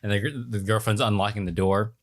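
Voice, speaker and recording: A man co-hosting a podcast, easygoing and quick to laugh, chatting casually. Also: lowish voice, steady tone. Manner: laughs often, easygoing, brief agreements. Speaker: podcast co-host. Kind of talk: casual chat.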